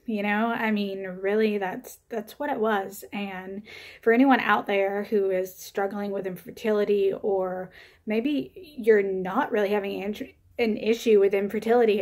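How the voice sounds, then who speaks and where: A young woman vlogging to camera, telling a personal story in a casual, chatty way with lots of fillers and an animated retelling. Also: medium pitch.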